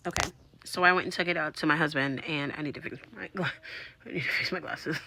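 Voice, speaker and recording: A woman in her thirties telling a casual storytime vlog, animated and slangy, acting out both sides of each conversation. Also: deep voice, fairly quick, slight background noise. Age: 30s. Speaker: vlogger.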